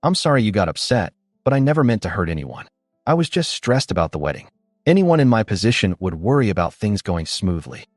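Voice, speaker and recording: Casting: a man voicing a bitter stepmother, curt, low-pitched read, lively lilt. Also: brisk, no room sound, studio quality, faint music behind. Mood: defensive. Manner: curt, defensive. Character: resentful defensive woman, stepmother.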